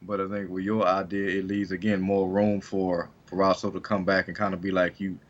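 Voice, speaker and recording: A man's voice: sits low, little pitch movement, fairly quick, highs cut off. A man co-hosting a wrestling podcast, talking casually and rambling with lots of fillers and restarts. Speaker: podcast co-host. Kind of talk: casual chat.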